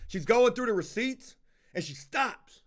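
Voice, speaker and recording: A man's voice: very high-pitched, measured pace. A man hosting a livestream, telling a rambling story in a casual, profane way and acting out both sides of the dialogue. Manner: profane, animated, acts out dialogue. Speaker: livestream host.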